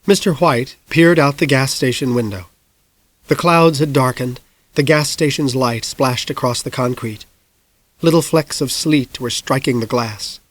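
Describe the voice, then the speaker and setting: A man narrating an audiobook in a hushed, suspenseful manner. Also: medium pitch, no echo. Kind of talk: scripted narration.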